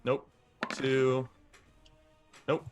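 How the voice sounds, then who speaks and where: A man narrating as game master of a tabletop game, giving calm, measured rulings with frequent fillers. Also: medium pitch, soft background music.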